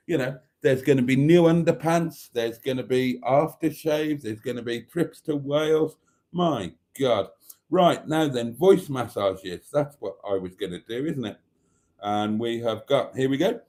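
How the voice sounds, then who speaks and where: Reading viewer comments aloud during a relaxed live chat, this livestream host keeps things campy and full of jokes. His voice is medium in pitch with a dark tone.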